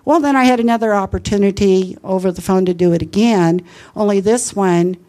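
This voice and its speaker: A woman giving an informal Christian talk, earnestly telling personal evangelism stories. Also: fairly low pitch. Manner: earnest, lively storyteller. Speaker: Christian speaker sharing evangelism testimony.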